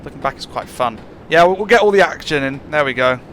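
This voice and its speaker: A man's voice: a little high, expressive, fast talker, a bit bright, slight background noise. A man giving casual, musing commentary while playing a train simulator, chuckling often. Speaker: gameplay channel host.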